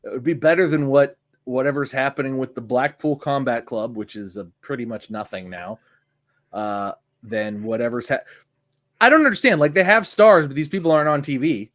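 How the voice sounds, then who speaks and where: A man co-hosting a casual podcast, talking in a rambling, animated way with frequent restarts. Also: medium pitch, normal speed. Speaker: podcast co-host; youth sports coach. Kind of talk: casual chat.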